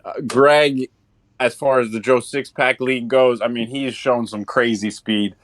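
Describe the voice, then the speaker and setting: A man of middling pitch joins a live sim racing broadcast as co-commentator from his home office. He talks in a relaxed, halting way and teases the host. His voice sits right in the middle of the range. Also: no room sound. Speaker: race co-commentator. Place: home office on a remote call.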